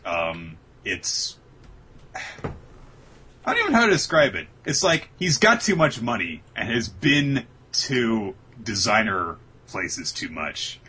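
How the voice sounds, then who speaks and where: A man's voice: on the low side, very animated, slow, pushed and bright, slight background noise. A man casually discussing an anime episode as a podcast co-host, acting out character lines with swearing and laughter.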